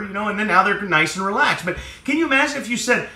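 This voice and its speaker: A man's voice: sits high, fast talker, few pauses, bright, forceful tone. A man giving a conversational motivational talk on leadership, often checking in with "right?", in an echoey room. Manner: conversational, peppers lines with "right?". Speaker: motivational speaker.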